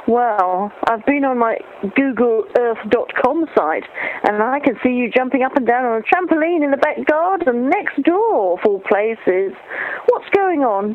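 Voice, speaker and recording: A woman's voice: sits high, narrow, tinny audio, a little hiss or hum. A woman leaving a teasing, mock-scolding message on an answerphone. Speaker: answerphone caller.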